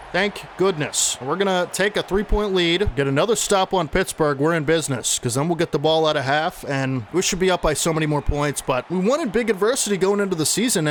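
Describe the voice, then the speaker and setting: Man, gaming commentator, excitable, slightly high voice, play-by-play, faint background noise. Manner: excitable, talks to viewers. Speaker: gaming channel host. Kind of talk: play-by-play commentary of a video game.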